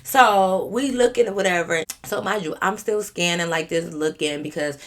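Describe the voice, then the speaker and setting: Animated, profane woman telling a story. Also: on the low side, moderate pace. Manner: animated, profane, acts out quotes. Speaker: vlogger. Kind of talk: casual storytime.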